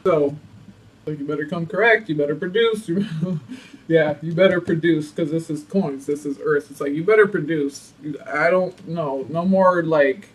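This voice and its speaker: Sassy, high-pitched male tarot reader, laughs a lot, slightly distant mic. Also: normal speed. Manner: sassy and animated, laughs often. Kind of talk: casual tarot reading to camera.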